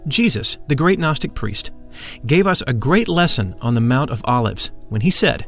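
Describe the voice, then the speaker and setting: A man reading an audiobook in a solemn, measured way. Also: medium pitch, sing-song, fairly bright tone, faint music behind. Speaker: audiobook narrator. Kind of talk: scripted narration.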